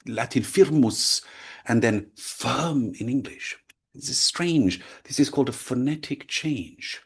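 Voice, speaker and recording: A man's voice: mid-range voice, husky. A man teaching a lecture, explaining with frequent checks like "right?" and "yeah?". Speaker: language teacher.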